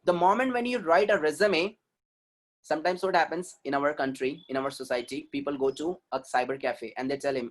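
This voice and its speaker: An Indian-accented man gives an online webinar talk as a communication trainer, with a voice pitched high for a man. He speaks emphatically, repeats his key points and often asks the audience questions. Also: fairly quick.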